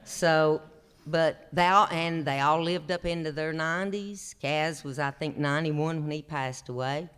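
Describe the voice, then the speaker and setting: A man's voice: a little high, a little slow, fairly bright tone, clear, resonant tone. A man in his sixties with an Appalachian accent, telling homespun stories on a stage in a drawling, chuckling way. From Appalachian North Carolina. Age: 60s. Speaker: traditional singer and storyteller. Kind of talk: folksy storytelling on stage. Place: opera house stage, live show.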